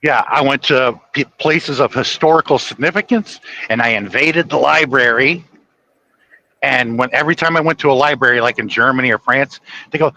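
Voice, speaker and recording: A man's voice: medium pitch, normal speed, sharp tone, a little hiss or hum, poor audio. A man from the United States hosting a casual political chat, opinionated and telling stories with quoted exchanges. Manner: opinionated, storytelling with acted quotes. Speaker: podcast host.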